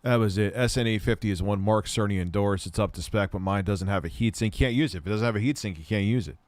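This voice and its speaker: Casting: man in his thirties, lowish voice, dry close mic, candid rambling livestream host. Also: quick pace, no room sound. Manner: candid, rambling, self-deprecating storytelling. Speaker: livestream host answering chat questions. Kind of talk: casual livestream chat.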